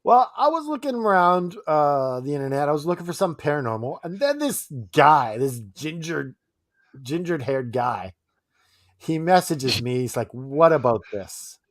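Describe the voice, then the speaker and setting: Animated man hosting a chat show. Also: a little high, normal speed, no room sound. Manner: animated, laughs often. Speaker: podcast host. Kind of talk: casual chat.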